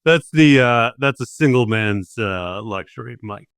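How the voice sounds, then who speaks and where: A man's voice: mid-range voice, lively intonation, a little slow, fairly bright tone, clean tone, no echo, studio quality. Wry, teasing male co-host. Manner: wry, teasing, hesitant with ums. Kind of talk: casual chat.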